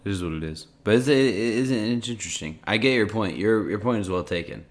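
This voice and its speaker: A man's voice: on the low side, lively intonation, a little fast. A man co-hosting a casual podcast, rambling with many likes and restarts. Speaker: podcast co-host.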